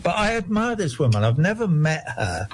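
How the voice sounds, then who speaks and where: A man's voice: on the high side, sing-song, moderate pace, a little hiss or hum. An older man, talking in a rambling, digressive, indignant way during a casual discussion.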